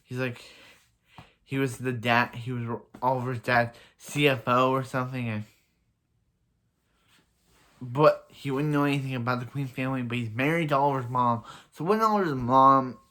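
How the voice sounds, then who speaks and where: This show reviewer's middle-pitched voice has a sharp tone as he casually recaps a plot for viewers. His rambling delivery is full of fillers such as "like" and "so yeah," quick restarts, and laughter at his own jokes.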